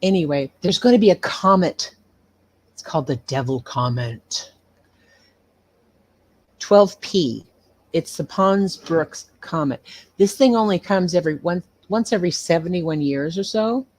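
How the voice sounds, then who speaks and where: An older woman, chatting casually as a live-stream host. She reads out viewer comments and mutters to herself while fumbling with her streaming software. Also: lowish voice, animated, unhurried, long pauses. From United States. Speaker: livestream host.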